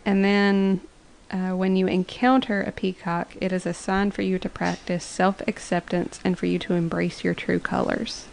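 A woman's voice: fairly low pitch, flat delivery, moderate pace, gravelly, darkish tone, a little hiss or hum, poor audio. A woman co-hosting a fan podcast in a laid-back way, sharing research from her notes and recapping scenes. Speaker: podcast co-host. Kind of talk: casual fan podcast chat.

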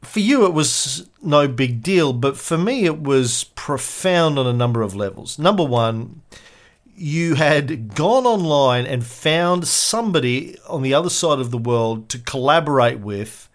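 A man's voice: mid-range voice, expressive. Rambling male podcast host. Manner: storytelling, quick and rambling. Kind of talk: casual podcast chat.

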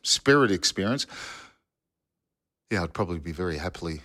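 A former footballer telling old yarns in a casual podcast chat, rambling with restarts and asides. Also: male voice, low voice, lively intonation, fairly quick, pushed and bright. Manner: rambling storyteller with restarts and "you know". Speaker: football pundit, former player.

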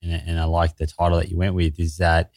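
Deep-voiced podcast host. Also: male voice, completely flat delivery, fairly quick, darkish tone, no echo, studio quality. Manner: brief, encouraging prompts. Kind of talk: casual interview.

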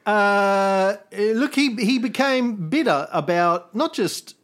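A slightly high-voiced man chats through a history podcast, joking as he goes. He rambles and restarts his sentences and keeps an easy, casual tone. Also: expressive, takes it slowly, a bit bright. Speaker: podcast co-host.

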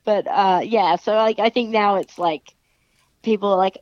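A young adult Australian woman, a professional wrestler, chatting in an interview and lively acting out other people's remarks. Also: normal speed, no room sound. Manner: chatty, animated, acts out other people's lines in a higher voice. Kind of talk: casual interview chat. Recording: dry, dull lo-fi podcast sound.

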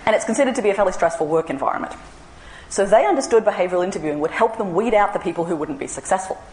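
A woman's voice: medium pitch, lively intonation, very fast, darkish tone, reverberant, slight background noise, poor audio. An Australian woman in her forties gives a humorous talk, telling wry anecdotes with self-mocking asides. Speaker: speaker giving a talk. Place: large room with an audience.

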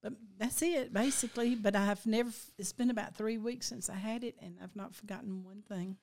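Older lady telling a dream, slow and heartfelt, voice catching sometimes. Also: mid-range voice, steady tone, darkish tone, a little hiss or hum. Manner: heartfelt, slow and reflective, voice breaking with emotion at times. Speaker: guest recounting a dream. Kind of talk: emotional personal storytelling.

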